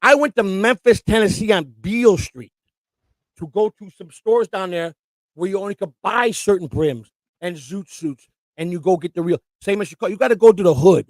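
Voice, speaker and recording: A man's voice: high-pitched, moderate pace, no echo. A man co-hosting a live stream, telling rambling, profane stories and restarting his sentences often. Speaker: co-host and storyteller. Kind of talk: casual chat, rambling anecdotes. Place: home live-stream setup.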